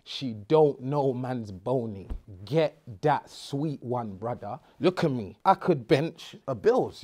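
A man's voice: on the high side, a little mellow. A man, hosting a comedic monologue to camera, rambling in street slang with stumbles and repeated words. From United Kingdom. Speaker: host.

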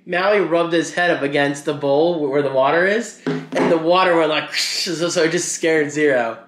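A man's voice: fairly high pitch, normal speed. A man vlogging in a casual, rambling, self-deprecating way about his day. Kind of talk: casual daily vlog chat.

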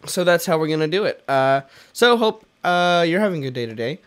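A man's voice: fairly high pitch, lively intonation, fairly quick, smooth. A young man hosting a let's play, rambling jokily and self-deprecatingly as he plays. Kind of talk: casual gameplay commentary.

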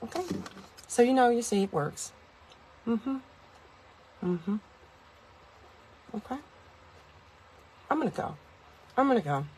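A woman's voice: on the high side, expressive, takes it slowly, pauses often, darkish tone, slight background noise. A woman reviewing a kitchen gadget from inside her car, rambling and joking at her own expense as she talks to viewers. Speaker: product reviewer. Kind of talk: casual product review vlog.

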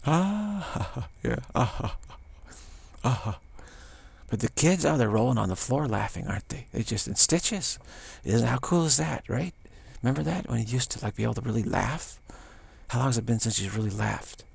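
Older guy rambling spiritual talk, super gravelly husky voice, dry close mic, chuckles and plays out little dialogues. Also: mid-range voice, lively intonation, fairly quick, darkish tone. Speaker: spiritual teacher. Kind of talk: informal satsang talk.

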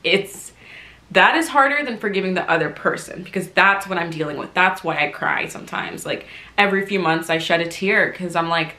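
A young woman vlogs from home, bright and forceful in tone though she sounds teary. She shifts between soft, reflective talk and loud bursts of self-mockery, and the room around her rings with echo. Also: fairly low pitch, moderate pace. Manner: emotional, open, swings from quiet reflection to loud self-mocking. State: teary, recovering from crying. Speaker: vlogger. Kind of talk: candid personal vlog. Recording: echoey room.

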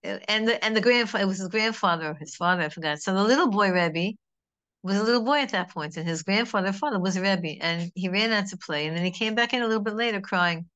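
A woman's voice: medium pitch, quick pace, fairly bright tone. A middle-aged woman teaching a Torah class in a conversational, digressive way, mixing in Hebrew terms.

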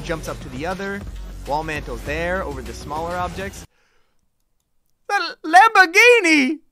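A man doing live, excitable reaction commentary as a gaming streamer, chatting with his viewers. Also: on the high side. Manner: excitable, chatty, addresses chat.

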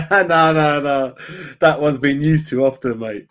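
This man hosts a live fan stream about football, his voice a little high, a little slow, and fairly bright. He chats casually in a chummy way, reading viewers' comments aloud as he goes and calling them mate.

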